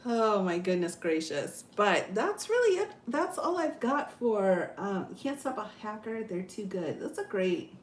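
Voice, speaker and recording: A woman's voice: medium pitch, big pitch swings, measured pace, few pauses, a little hiss or hum. Chatty laughing woman in an echoey room. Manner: chatty, laughs often, many "oh my goodness" exclamations. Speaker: livestream host. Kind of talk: casual live chat reading comments.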